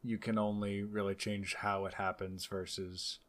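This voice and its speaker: A man co-hosting a casual fan podcast, talking in a relaxed way with some hesitation. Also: lowish voice, normal speed. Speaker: podcast co-host.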